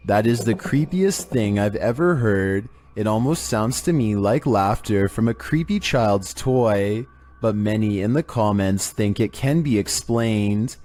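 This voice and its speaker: Male narrator, monotone, scripted countdown narration, fairly low pitch. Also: measured pace.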